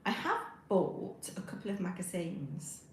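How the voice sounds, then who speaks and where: Talking as she knits from her home room, this middle-aged British crafting streamer rambles warmly, full of ums, and reads out messages from chat. She sounds very animated, with a lowish voice at a slightly slow pace. It's a low-quality recording with echo and a touch of hiss or hum.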